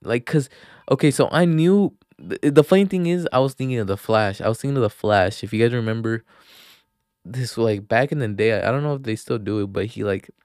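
A man's voice: medium pitch, a little fast, darkish tone, no echo, clean studio sound. A young man hosting a podcast, telling a story in a rambling, profane way full of filler words. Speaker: podcast host. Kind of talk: casual chat. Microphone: handheld microphone.

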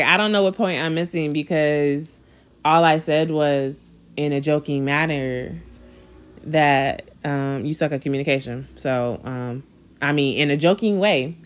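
Laughing, slangy young woman telling a story. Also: sits low. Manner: animated, laughing often, slangy and conversational. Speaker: podcast host. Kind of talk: casual storytelling monologue.

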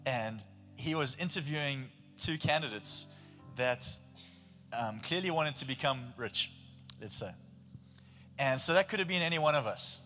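A male pastor with a South African accent preaching a sermon, telling stories with animation and swinging between a hush and a shout. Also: on the high side. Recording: long hall reverb with faint music.

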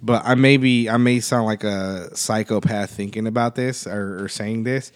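A man co-hosting a podcast, telling relaxed anecdotes in casual chat with the odd swear. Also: lowish voice, normal speed. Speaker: podcast co-host.

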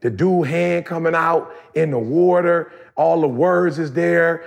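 A man with a fairly high, gravelly voice tells a story on a podcast. He is animated and colloquial, and he keeps turning to address his listeners directly. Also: a little slow. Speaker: podcast co-host. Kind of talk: casual storytelling chat.

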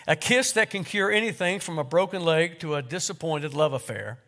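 A man's voice: a little high, moderate pace, fairly bright tone. A man voicing the Lord, a patient male creator proud of his work, as part of a read-aloud story in a sermon. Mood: proud, fond.

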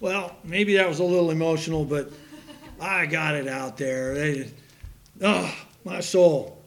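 A man's voice: on the high side, a little slow. An older man preaching a sermon, impassioned and emphatic, stumbling over hard names as he reads scripture aloud. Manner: emphatic, impassioned, with sudden loud outbursts.

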